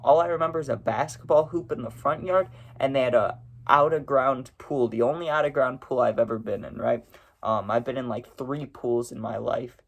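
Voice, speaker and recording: Young man, gravelly voice, rambling casual storytime, lots of fillers. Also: medium pitch, moderate pace. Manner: rambling, lots of fillers like "you know" and "right".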